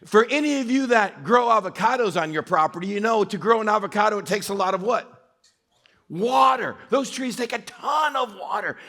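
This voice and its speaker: A man from West Texas preaching with a high, lively voice that leaps up and down. He tells self-mocking stories and keeps laughing with the young adults in the room, who are called on to join in. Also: normal speed. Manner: storytelling with self-mocking humor, often laughing. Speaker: pastor. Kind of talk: interactive sermon to a young adult crowd. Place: church meeting hall.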